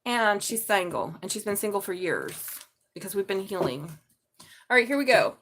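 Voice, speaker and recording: A woman's voice: mid-range voice, sing-song, fairly quick, a bit bright, slightly rough. A middle-aged woman reading tarot on a casual live stream, blunt and chatty, swearing freely. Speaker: tarot reader.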